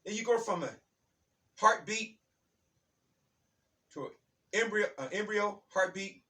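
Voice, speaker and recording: A man's voice: high voice, unhurried, bright, forceful tone, recorded from a distance. A man hosting his own channel, delivering an emphatic, repetitive spiritual monologue that often addresses listeners as "baby". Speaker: channel host.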